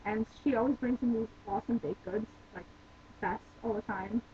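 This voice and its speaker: A woman's voice: fairly high pitch, normal speed, slight background noise. Chatty young woman, tinny phone-like sound. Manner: chatty and rambling, lots of "like" and restarts. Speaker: vlogger. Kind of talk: casual storytelling vlog.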